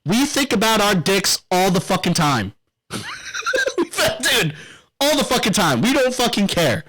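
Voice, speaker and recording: Young dad on a podcast, swears a ton, laughs a lot, high voice that jumps all over. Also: male voice, wildly swooping pitch, a little slow, a bit bright, slight background noise, rough recording. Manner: profane, rambling, laughs often. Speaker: podcast co-host. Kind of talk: casual podcast chat.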